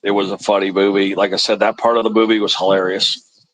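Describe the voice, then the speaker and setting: A man chatting casually on a livestream, telling rambling animated stories. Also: fairly low pitch, quick pace, low-quality recording. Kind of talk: casual chat, storytelling.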